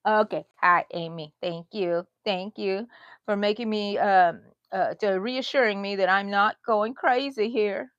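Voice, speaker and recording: A woman's voice: medium pitch, measured pace, a bit bright, no room sound, lo-fi sound. Chatty woman in her sixties. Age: 60s. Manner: chatty and rambling, talks to viewers and her dog. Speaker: crochet channel host. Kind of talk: casual livestream chat. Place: bedroom at home.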